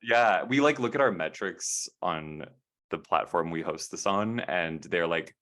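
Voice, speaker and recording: Casual podcast co-host: young man, lowish voice, meandering and filler-heavy. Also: measured pace, a bit bright. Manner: rambling, hesitant, many fillers and self-corrections. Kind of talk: casual chat.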